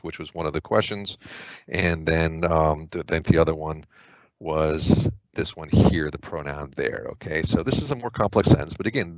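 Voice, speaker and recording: Deep-voiced casual male tutor. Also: no room sound, highs cut off. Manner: chatty and informal, with filler words and quick asides. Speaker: test prep tutor. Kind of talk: casual explanatory lesson.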